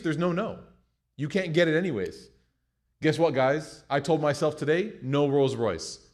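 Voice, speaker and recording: An American man teaching a class, talking casually and retelling stories with jokes. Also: a little high. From United States. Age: young adult. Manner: conversational, joking, animated retelling. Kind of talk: class lecture with storytelling.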